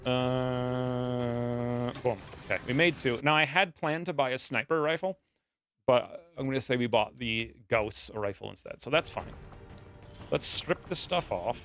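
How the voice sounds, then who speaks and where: A man's voice: medium pitch, a little slow, fairly bright tone, soft background music. A man streaming a strategy game, chatting casually and drifting into stories while he plays. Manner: rambling, distracted, storytelling asides. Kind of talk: casual gameplay commentary.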